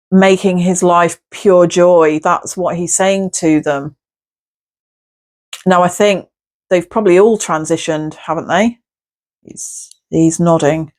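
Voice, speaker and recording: A woman working as a spirit medium, talking to camera in an effusive, gushing way during a channelling session. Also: on the low side. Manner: effusive, gushing, repeats "wonderful".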